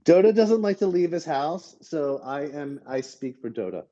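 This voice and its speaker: A man chatting on a podcast in a mellow, dark-toned voice, rambling and hesitant, stopping and restarting often. The audio is dull and lo-fi. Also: a little high, animated, moderate pace. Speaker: podcast co-host. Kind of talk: casual podcast chat.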